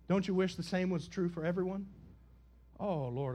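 A middle-aged man preaches a sermon in a high voice. He swings from loud, high cries down to low, quiet asides. He keeps putting questions to the congregation. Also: fairly even intonation, brisk, slightly rough. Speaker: pastor.

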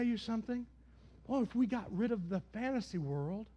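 A man preaching a sermon, swinging between loud, rising calls and quiet, dry asides. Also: sits high, lively intonation, normal speed, slightly rough. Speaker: pastor.

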